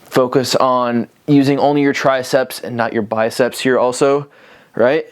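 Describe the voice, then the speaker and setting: A man's voice: medium pitch, fairly even intonation, a little slow, clear, resonant tone. A young man giving casual home workout instructions from a cramped bedroom, talking loosely, swearing now and then, and out of breath while he exercises. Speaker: fitness vlogger. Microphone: camera on a tripod.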